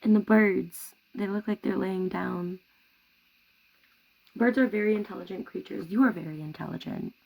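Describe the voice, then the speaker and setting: A woman giving a tarot reading to camera at home, speaking softly and reassuringly. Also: mid-range voice, moderate pace, vocal fry, rough recording. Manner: soft-spoken, gentle and reassuring. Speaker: tarot reader.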